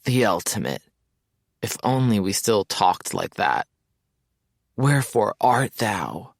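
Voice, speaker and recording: A man voicing a lovestruck young man who dreamily recites Shakespeare in a slow, theatrical way. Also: fairly low pitch, very animated, no echo, clean studio sound, heavily acted. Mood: swooning, dramatic.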